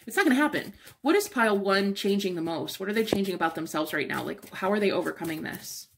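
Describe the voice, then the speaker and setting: A young woman giving a casual pick-a-card tarot reading, emphatic and encouraging, with casual swearing and excited exclamations. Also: on the low side, fast, gravelly, slight background noise. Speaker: tarot reader.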